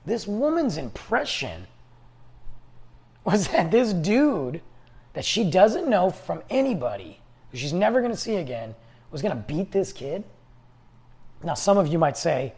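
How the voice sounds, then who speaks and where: A man's voice: high-pitched, sing-song, a little slow, pauses often, darkish tone, slightly rough. A man hosting a podcast, rambling along in casual conversational storytelling. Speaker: podcast host. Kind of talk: casual solo talk.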